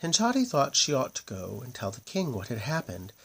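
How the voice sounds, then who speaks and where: A man reading a children's fairy tale aloud in a lively, expressive way. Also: medium pitch, fairly quick, slightly rough. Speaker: storyteller.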